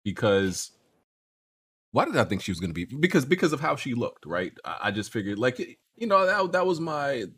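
A man's voice: mid-range voice, sing-song, fairly quick, a bit bright, breathy edge. A young man hosting a casual gaming podcast, telling stories with lots of slang and repeated words. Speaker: podcast host.

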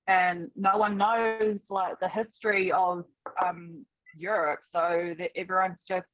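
A woman's voice: lowish voice, level tone, slow, no echo. A woman guest in a casual chat, rambling with many fillers. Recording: dull dry sound.

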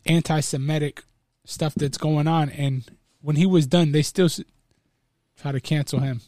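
Co-host, male, a bit higher voice, laid-back, dry sound. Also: steady tone, normal speed, warm tone, no echo. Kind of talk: casual chat.

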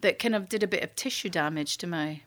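A woman's voice: lowish voice, fast talker, fairly bright tone. A middle-aged woman, an actress, telling funny stories as a podcast guest. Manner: self-mocking storyteller, frequent laughs and restarts. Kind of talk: casual chat, anecdotes.

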